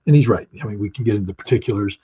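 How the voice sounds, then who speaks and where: A man with a husky, slightly rough voice argues his points bluntly in an interview, swinging between punchy emphasis and quick asides. The audio is dull and lo-fi, as if the highs were shaved off. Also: warm tone. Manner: emphatic, blunt, rhetorical questions. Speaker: guest commentator. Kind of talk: opinionated interview talk.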